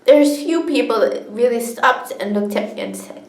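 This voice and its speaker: Sitting on the floor indoors in an echoey room, a young woman vlogs her own story to camera, earnest and candid, tearing up and laughing often as she talks. She's a young adult with a fairly high pitch, lively intonation, and a normal speed.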